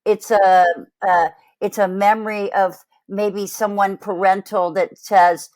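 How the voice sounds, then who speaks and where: A woman vocal coach chatting casually about a song, lively, and acting out voices as she talks. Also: mid-range voice, unhurried. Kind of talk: casual chat, reacting to a song.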